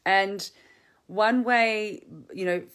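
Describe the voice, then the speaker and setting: A woman's voice: mid-range voice, drawn-out words, a bit bright, clean tone. A woman relationship coach giving advice to camera in a conversational way, thinking aloud with frequent restarts and fillers. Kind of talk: direct-to-camera advice talk.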